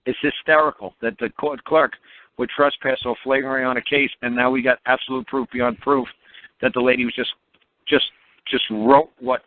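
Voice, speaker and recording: Male radio talker, mid-pitched, blunt and emphatic, laughs at his own stories, heard over a tinny phone line. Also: lively intonation, moderate pace, dry recording. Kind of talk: animated monologue on a call-in radio show.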